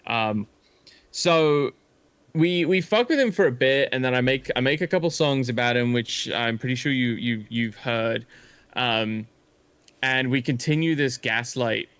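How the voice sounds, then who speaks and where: A man's voice: mid-range voice, unhurried, a bit bright, clean tone, dry recording. Rambling, cussing male streamer. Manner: rambling, swears often, many fillers and restarts. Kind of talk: casual storytelling chat.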